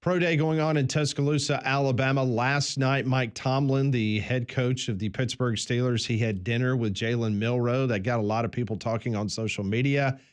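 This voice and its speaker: A man's voice: mid-range voice, steady tone, normal speed, few pauses. A man co-hosting a morning sports talk radio show, laying out the news with asides. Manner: chatty, explains the news with asides.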